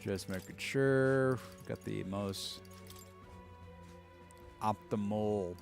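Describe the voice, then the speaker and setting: A man's voice: on the low side, drawn-out words, vocal fry, soft background music. Crude, joking male game streamer. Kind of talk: casual gameplay commentary.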